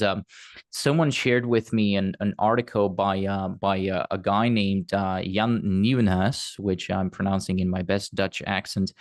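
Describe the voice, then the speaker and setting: A man's voice: sits low, no room sound, studio quality. A man hosting an interview, sharing what he has read in a conversational way. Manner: conversational, apologetic. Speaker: interview host.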